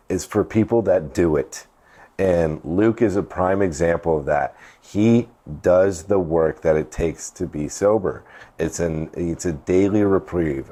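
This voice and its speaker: A man's voice: low voice, mellow. A man who hosts a recovery podcast, speaking steadily and earnestly about the program and explaining its slogans. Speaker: podcast host, recovery center partner.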